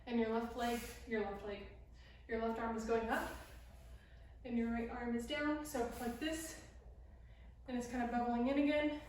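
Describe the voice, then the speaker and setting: A woman's voice: on the high side, level tone, moderate pace, darkish tone, a little hiss or hum. A young woman teaching a beginner dance routine, talking while she demonstrates the moves and sometimes out of breath. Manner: talks while demonstrating moves, counting and singing lyric snippets. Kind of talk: casual dance tutorial instruction. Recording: very echoey room, speaker far from mic.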